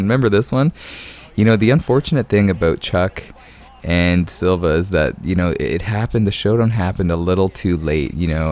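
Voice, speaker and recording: A man's voice: deep voice, darkish tone. A man hosting his gaming channel from home late at night, chuckling through casual commentary and keeping his voice down. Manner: easygoing, chuckling, peppers talk with "man"; keeps voice down so as not to wake the house. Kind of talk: casual game commentary and storytelling.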